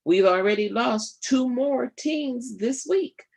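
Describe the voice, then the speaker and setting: A woman radio host delivering live political commentary in a gravelly, husky voice. She talks emphatically and rhetorically, turning often to her listeners, and pauses with fillers as she gathers her thoughts. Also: fairly high pitch, lively intonation, a little mellow. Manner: thinks aloud with fillers and pauses.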